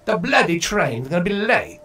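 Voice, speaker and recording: A man putting on a brash, exaggerated British voice as a shouty caricature. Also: high voice, big pitch swings, moderate pace, soft background music, voice pushed up, exaggerated voice. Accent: put-on British. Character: loud mock British man, cheeky and brash.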